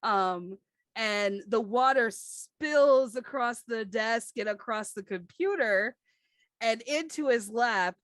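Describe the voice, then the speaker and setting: A woman serving as game master, narrating the scene in a slow, easygoing way and stopping often for "um" and "like." Her voice is mid-pitched and close, with a dry, dead sound around it. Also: expressive, fairly bright tone, no echo. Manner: unhurried, chatty, full of fillers.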